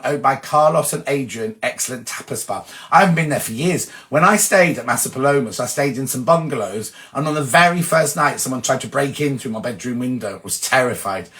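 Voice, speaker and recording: A man's voice: mid-range voice, brisk, few pauses, a bit bright. A man hosting a casual live chat, reading viewers' comments aloud and wandering off into gossipy stories. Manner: chatty, gossipy, reads comments aloud and rambles into anecdotes. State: sneezing from hay fever.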